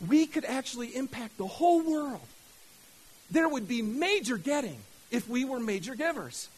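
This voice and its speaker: Fired-up high-voiced male pastor preaching. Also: sing-song, normal speed, husky, rough recording. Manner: fired-up, repetitive, stammering restarts. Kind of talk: sermon.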